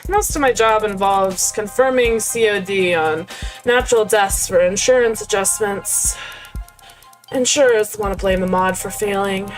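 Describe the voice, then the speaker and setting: A woman voicing a laid-back female medical examiner in a chill, drawling stoner voice for a story game. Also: medium pitch. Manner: relaxed, drawling, casual.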